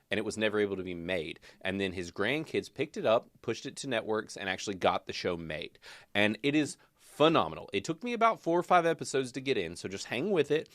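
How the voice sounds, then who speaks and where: A man's voice: fairly low pitch, a bit bright, dry recording, studio quality. A man co-hosting a podcast, chatting casually and enthusiastically about movies, rambling with fillers. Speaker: podcast co-host. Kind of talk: casual movie review chat.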